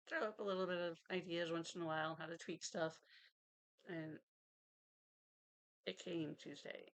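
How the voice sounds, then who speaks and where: A woman chatting casually at her craft desk at home, rambling and laughing often as she unpacks a parcel. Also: low-pitched. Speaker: vlogger. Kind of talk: casual chat.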